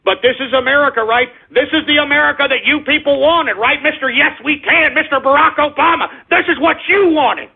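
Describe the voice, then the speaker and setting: A man hosting a political talk radio show, ranting with passion and profanity and often shouting at his listeners. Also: extremely high pitch, brisk, gravelly, hardly any pauses. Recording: narrow phone-like lo-fi audio.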